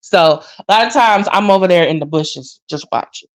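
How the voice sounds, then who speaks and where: A woman hosting a casual gossip commentary vlog, animated and sassy. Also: moderate pace. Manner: animated, sassy, mimics others, jumps pitch often. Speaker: commentary channel host.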